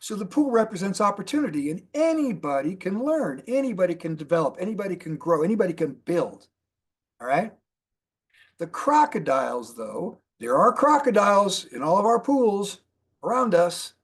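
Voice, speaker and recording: High-voiced man giving a motivational talk. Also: sing-song, moderate pace, husky. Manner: storytelling, rhetorical questions, repeats lists. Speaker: mentor presenter.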